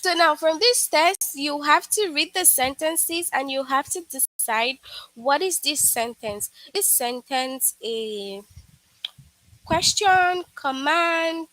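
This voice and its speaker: A woman with a high voice teaches a class of young children, unhurried and patient. She repeats each point and checks in with "okay?" again and again. The sound is close and dry, with no room echo. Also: expressive, sharp tone. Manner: patient, repetitive explaining with frequent "okay" and "all right".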